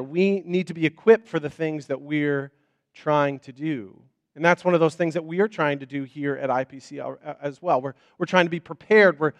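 A man's voice: on the high side, no room sound. A man preaching as a pastor in an informal, conversational sermon. He often repeats words, restarts his sentences and checks in with "right?".

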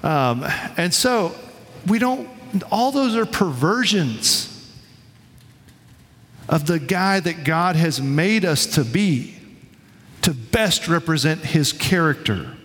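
A man preaching a sermon to his congregation in a relaxed, conversational way, telling stories and acting out quotes. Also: on the high side, slow, pauses often, big-room sound. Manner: conversational, storytelling with quoted voices. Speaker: pastor. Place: church sanctuary.

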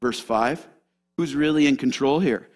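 A man preaching a sermon as a pastor, swinging from loud shouted lines to hushed asides. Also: medium pitch, unhurried.

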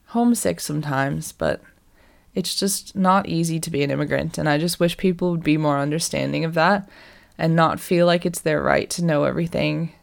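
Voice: medium pitch, creaky. A person in their twenties with an American accent, chatting casually and rambling about life abroad. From United States. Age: 20s.

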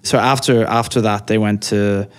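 Halting, low-voiced Irish man. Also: steady tone, clean tone. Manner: halting, repeats words while thinking, dry teasing humor. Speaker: podcast co-host. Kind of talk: casual podcast chat.

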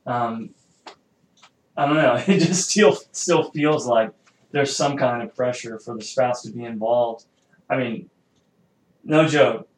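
A man who serves as a military chief, talking hesitantly with many fillers in a casual podcast conversation. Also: medium pitch. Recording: roomy, faint ambience.

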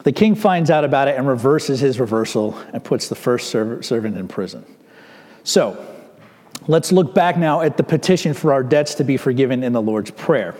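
A man's voice: medium pitch, animated, normal speed, darkish tone. A man preaching a sermon as pastor, in a conversational manner with frequent asides to the congregation. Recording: long hall reverb.

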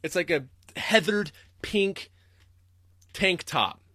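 A man hosting a podcast, ranting in a profane, rambling way and jumping suddenly into loud, high-pitched outbursts. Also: animated, slow pace, no room sound, clean studio sound. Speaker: podcast host. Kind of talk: livestreamed comedic rant.

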